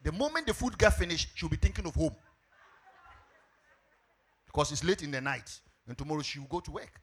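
A middle-aged Ghanaian pastor preaching a sermon, telling a story with animated delivery and shouted emphasis. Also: male voice, on the high side, a little fast, breathy edge.

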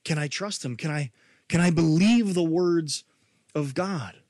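A male pastor preaches in an animated, conversational way, firing off rhetorical questions. His voice is fairly high and a little slow, with no echo.

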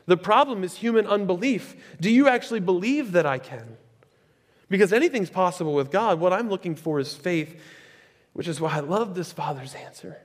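A male pastor with a high-pitched voice delivers a sermon at a moderate pace, lively and conversational, breaking off into casual asides. His voice carries through a large hall with a long reverb tail.

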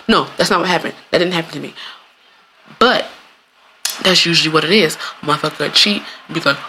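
A woman's voice: deep voice, fairly quick, vocal fry, pushed and bright, a little hiss or hum. A woman, hosting a casual solo podcast, talking bluntly and profanely, laughing often and acting out quoted voices. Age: 30s. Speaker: podcast host.

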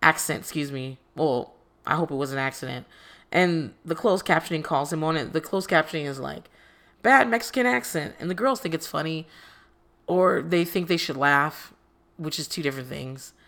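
A woman's voice: low-pitched, moderate pace, a bit bright. A woman recapping a reality dating show in casual commentary, sarcastic and profane, with exasperated asides.

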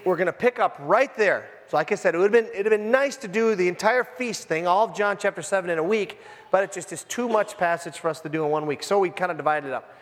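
High-voiced pastor in a reverberant church. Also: male voice. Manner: animated, informal, jokey asides. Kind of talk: conversational sermon. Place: church sanctuary.

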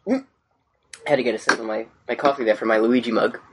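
A man's voice: medium pitch, fast talker, background noise. Guy on a podcast recapping an episode, laughs a lot, swears, does the character voices. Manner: laughing, profane, acts out character lines. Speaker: podcast co-host. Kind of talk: casual recap chat.

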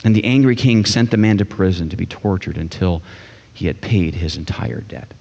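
A man preaching a sermon in a casual, animated storytelling manner. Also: sits low, moderate pace, vocal fry. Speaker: pastor. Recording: echoey hall, dull sound.

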